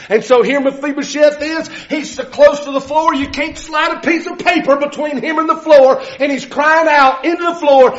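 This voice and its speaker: A male preacher delivering a fervent, dramatic sermon, often shouting and acting out the voices of biblical figures. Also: very high-pitched, animated, normal speed. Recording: dull lo-fi recording.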